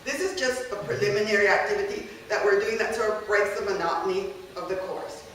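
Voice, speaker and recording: A woman's voice: medium pitch, a little fast, fairly bright tone, slight background noise. A woman giving a workshop talk as a university Spanish instructor, explaining step by step and often checking in with "okay?". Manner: explanatory, frequent checking okays, mixes in Spanish phrases. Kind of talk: workshop presentation. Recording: echoey room, speaker far from mic.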